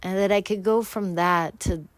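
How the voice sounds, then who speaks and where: A woman's voice: medium pitch, fairly even intonation, normal speed, dry recording. A woman hosting a radio show, telling a personal story in a rambling, candid, self-deprecating way with many restarts.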